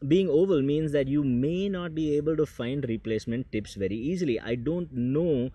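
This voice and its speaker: Here the voice sits fairly high yet sounds dark, moving at a moderate pace. Talking to the camera in a relaxed tech unboxing vlog, the reviewer chats, pokes fun at himself, and tosses in asides while others are around him indoors.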